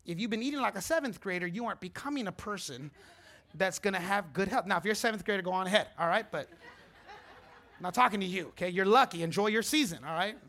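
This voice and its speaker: Animated pastor in his forties, bright voice. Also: sits high, fast talker. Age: 40s. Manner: animated storytelling, acting out voices, laughing often. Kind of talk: sermon.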